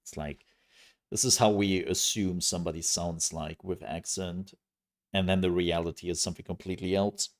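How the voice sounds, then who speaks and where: A man's voice: sits low, steady tone, moderate pace. A man streaming, chatting casually with viewers in a rambling, self-mocking way. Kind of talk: casual live-stream chat.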